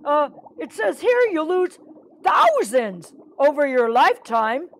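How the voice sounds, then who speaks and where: A woman's voice: on the high side, sing-song, slow, a little hiss or hum. A woman voicing a nervous, clever young male codfish, speaking with hesitant "uh"s in a storybook reading. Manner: hesitant, apologetic, stammering with "uh".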